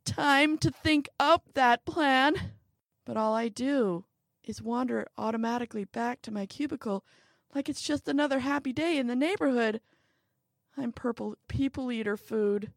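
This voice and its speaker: A woman narrating a first-person story, wry and tense, dropping to hushed tones and rising for quoted lines. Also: fairly high pitch, moderate pace, creaky, dry recording, studio quality. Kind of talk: first-person story reading with acted dialogue.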